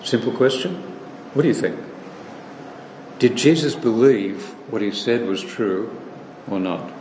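A man preaching a sermon, slow and deliberate, repeating phrases for emphasis. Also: lowish voice, expressive, darkish tone. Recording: echoey hall, slightly distant, faint room noise.

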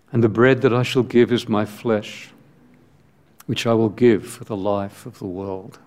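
A man preaching a sermon in measured, emphatic short phrases with long pauses, reading scripture aloud as he goes. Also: medium pitch, darkish tone.

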